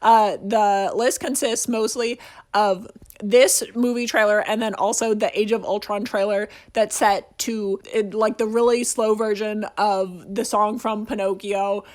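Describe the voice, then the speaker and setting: Young man, fairly high voice, excited, rambling, swears a lot, casual movie rant. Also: unhurried. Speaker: video essay host.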